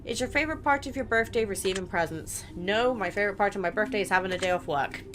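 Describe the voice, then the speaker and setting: A woman's voice: medium pitch, fast talker, fairly bright tone. Casting note: young adult woman streamer, candid and unfiltered, mid-range voice, light noise underneath. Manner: chatty and blunt, swears casually. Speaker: gaming content creator. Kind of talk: casual let's play commentary, reading questions aloud.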